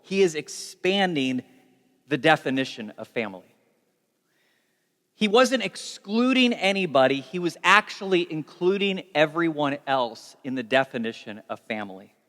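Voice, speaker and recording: A young adult man preaching a sermon as pastor, telling stories in a conversational, animated way. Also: fairly high pitch, normal speed. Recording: long reverb of a large hall.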